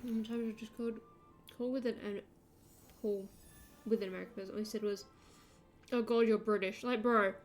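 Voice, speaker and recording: An Australian woman streaming a game, chatting casually in an excitable, rambling way. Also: mid-range voice, quick pace, pauses often, soft background music. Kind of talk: casual chat while gaming.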